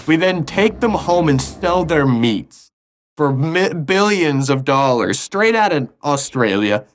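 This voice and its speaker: A man's voice: fairly high pitch, lively intonation, takes it slowly. A young man co-hosting a podcast, telling a made-up story in a rambling way and laughing through it. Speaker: podcast co-host. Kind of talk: casual comedic storytelling.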